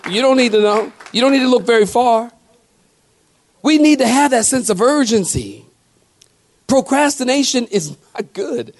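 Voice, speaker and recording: A male pastor preaching a sermon in a folksy, animated way with quick asides to the congregation. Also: sits high. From not from the American South.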